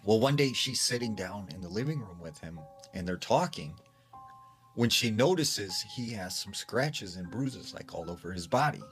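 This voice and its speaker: Male storyteller, lowish voice, relaxed storytime delivery, faint music bed. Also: normal speed. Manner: conversational, heavy use of "like", acts out quoted lines. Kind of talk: casual storytime narration.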